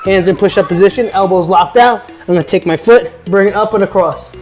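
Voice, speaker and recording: High-voiced upbeat fitness coach man. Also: brisk, a little mellow, soft background music, rough recording. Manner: upbeat, encouraging, joking. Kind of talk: home workout instruction. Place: at home.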